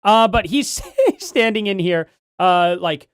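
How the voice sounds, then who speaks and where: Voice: mid-range voice, lively intonation, slow pace, smooth, dry recording, studio quality. A streamer giving live commentary on a debate, rambling and jokey, then getting heated in rants.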